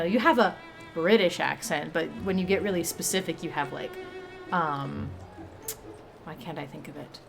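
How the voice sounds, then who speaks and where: A woman chatting casually on a livestream, rambling along with many fillers and restarts. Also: low voice. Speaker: streamer.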